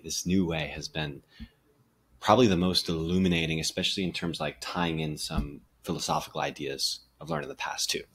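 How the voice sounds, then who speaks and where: Very deep, gravelly-voiced young man. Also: a bit bright. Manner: meandering, many fillers, self-deprecating. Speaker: vlogger. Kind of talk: casual reflective monologue.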